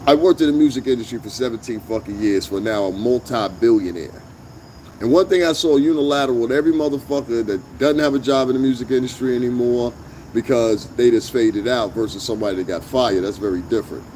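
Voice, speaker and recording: A man's voice: medium pitch, fast talker, darkish tone, slight background noise. A man hosting a commentary vlog, ranting bluntly with heavy profanity and emphatic jabs. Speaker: vlog host. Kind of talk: opinionated commentary rant.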